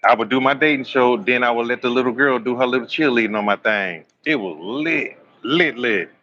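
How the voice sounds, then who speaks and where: A man's voice: mid-range voice, a little fast, pushed and bright, dull audio. A man, preaching bluntly and swearing on a live stream, acting out both sides of arguments. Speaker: live-stream host and self-styled prophet.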